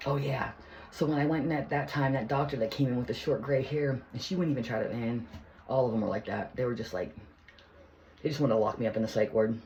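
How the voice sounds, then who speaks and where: A woman vlogger telling a personal story in a heated, profane, rambling way. She keeps restarting her sentences and swings between hushed asides and near shouting. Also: a bass voice, fast, slight background noise, poor audio. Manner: rambling with many restarts and fillers.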